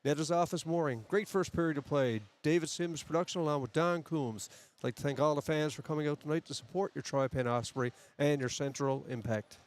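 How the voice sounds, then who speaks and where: This play-by-play man, voice a little high and a little fast, covers a local hockey game live from a community arena. Between plays he drops chatty, folksy asides.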